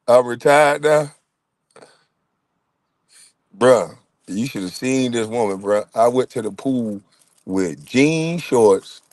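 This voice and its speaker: A middle-aged man with a medium-pitched voice reacts to chat by telling funny, profane stories, laughing often. He's animated, and there's no echo.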